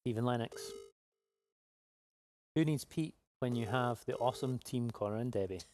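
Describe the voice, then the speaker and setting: A man's voice: medium pitch, moderate pace, a little mellow. A man hosting a live prize draw, chatty, upbeat and jokey. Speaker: giveaway live draw host. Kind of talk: casual live-stream chat.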